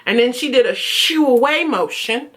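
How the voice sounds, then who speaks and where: A young woman venting in a heated, profane vlog rant, telling her story with animated swings of feeling. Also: on the high side, moderate pace, slight background noise. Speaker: vlogger, former beauty school student.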